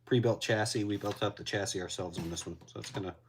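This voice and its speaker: Low-voiced man chatting while he builds. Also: quick pace, slight background noise. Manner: laid-back, rambling, reacts to chat. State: recovering from a cold, a little winded. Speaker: LEGO builder streaming to chat. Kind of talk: casual live-stream chat while building.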